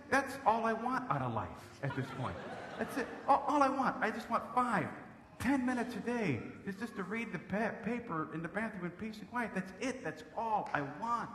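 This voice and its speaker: With a high, fairly bright voice, a male comedian does a sarcastic, exasperated stand-up set on stage. The live venue is an echoey hall, and background noise comes through in the recording.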